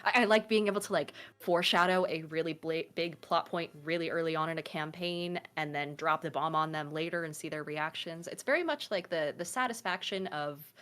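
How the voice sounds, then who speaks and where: A woman's voice: sits low, fairly quick, few pauses, fairly bright tone. A woman in her twenties from Oregon, chatting casually as a guest about running tabletop games, with lots of fillers and self-deprecating asides. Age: 20s. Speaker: guest, tabletop game master and streamer. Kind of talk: casual interview chat.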